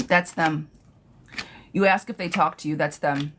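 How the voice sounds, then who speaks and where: A woman's voice: deep voice, fairly even intonation, unhurried, a bit bright, a little hiss or hum. A young woman reading tarot on a live stream, casual and sassy, who laughs often and swears freely.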